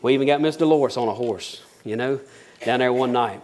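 A man's voice: medium pitch, fairly quick, darkish tone. A middle-aged man preaching a sermon, mixing folksy storytelling with earnest, building emphasis. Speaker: pastor.

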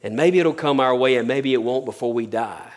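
A man preaching a sermon as pastor, talking plainly and dropping his voice low on key points. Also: brisk, darkish tone. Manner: conversational preaching, sudden drops to near-whispers.

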